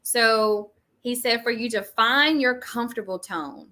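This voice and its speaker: A woman's voice: fairly high pitch, unhurried, sharp tone. A middle-aged woman co-hosting a podcast, chatting casually and animatedly about a book, often acting out quoted voices. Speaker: podcast co-host. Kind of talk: casual book discussion chat.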